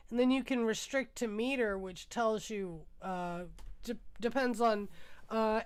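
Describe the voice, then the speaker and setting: A woman's voice: medium pitch, clean tone. A woman hosting a music livestream, musing aloud as she browses, tired and congested from a sinus infection. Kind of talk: casual livestream chat.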